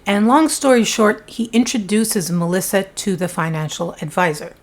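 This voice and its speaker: A woman's voice: mid-range voice, animated, moderate pace. A woman casually telling a true-crime story to camera in a chatty, conversational way, with frequent asides.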